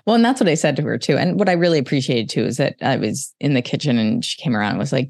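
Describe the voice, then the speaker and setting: A podcast host in conversation, speaking candidly and emotionally, often in quick bursts. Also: medium pitch, animated, vocal fry, a little mellow, dry recording, studio quality.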